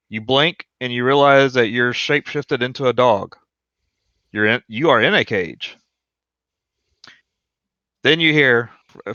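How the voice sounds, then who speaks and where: A man narrating as dungeon master in a tabletop game over voice chat, easygoing and quick-talking. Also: mid-range voice, sharp tone, dry recording. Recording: dull dry voice-chat mic.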